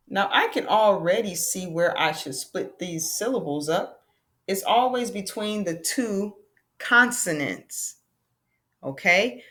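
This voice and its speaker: A woman teacher giving a lesson to young learners, patient and encouraging, calling them friends and slowing down to spell out sounds. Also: lowish voice, fairly bright tone.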